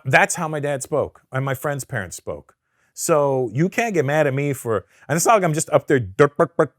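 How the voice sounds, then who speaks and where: A man, a comedian, talking candidly in an interview, blunt and profane and quick to act out what others say. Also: medium pitch, no room sound, clean studio sound. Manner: blunt, profane, animated storyteller. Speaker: comedian guest.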